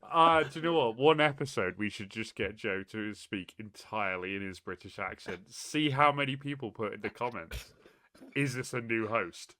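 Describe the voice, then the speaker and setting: A man's voice: fairly low pitch, expressive, normal speed, hardly any pauses, pushed and bright, no echo. A man co-hosting a podcast in casual chat, wry and teasing. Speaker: podcast co-host.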